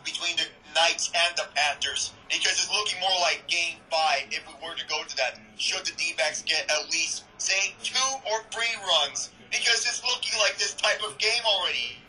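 A man with a high, very bright, sharp-edged voice gives color commentary on a baseball game. He reacts emphatically and repeats his exclamations, and a faint hiss sits under the recording. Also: poor audio. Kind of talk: fan broadcast baseball commentary.

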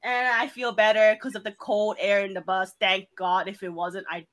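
A woman's voice: medium pitch, little pitch movement, moderate pace, a bit bright, poor audio. A woman co-hosting a podcast, telling a story in casual chat, swearing often and laughing along. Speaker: podcast co-host.

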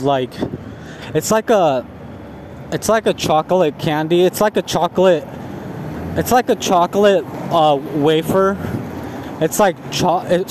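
A man's voice: on the high side, noisy background. A man in a casual vlog, ranting about lazy coworkers with heavy swearing and frustrated storytelling. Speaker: vlogger.

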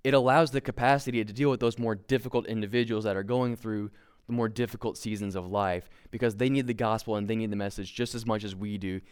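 A young man preaches in a relaxed, conversational way, stumbling over restarts and dropping in self-deprecating jokes. His voice is smooth and resonant and sits a little low. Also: fast. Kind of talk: casual sermon.

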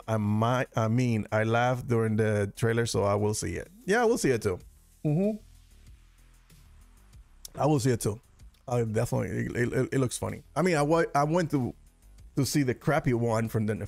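Male host, gravelly, dry-sounding, loose and profane, reacts to trailers. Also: medium pitch, expressive, normal speed, pauses often, a little mellow, no echo, faint music behind. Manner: profane, rambling, laughs often. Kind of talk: casual commentary reacting to trailers.

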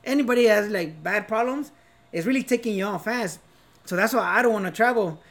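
Relaxed man co-host, thirties, easygoing bro talk. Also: sits high, a little fast. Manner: laid-back, calls people bro, laughs easily. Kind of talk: casual chat.

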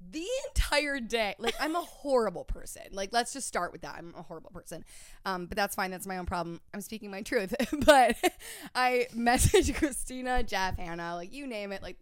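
A young woman co-hosting a podcast, telling a story in a casual, animated way, laughing often and swearing freely. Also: mid-range voice, moderate pace, clean tone, dry recording, clean studio sound. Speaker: podcast co-host. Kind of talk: casual chat.

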